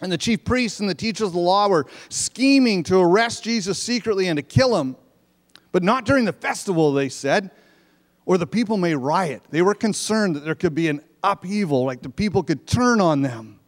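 A man's voice: high voice, expressive, moderate pace. A man preaching a sermon in a church sanctuary, reading verses and explaining them in a conversational way. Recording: long reverb of a church hall.

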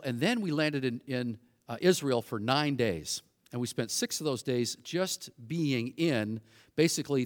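A man's voice: on the high side, fairly bright tone. A middle-aged man preaching as a guest speaker, talking in a loose, conversational way with frequent restarts and fillers. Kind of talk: sermon.

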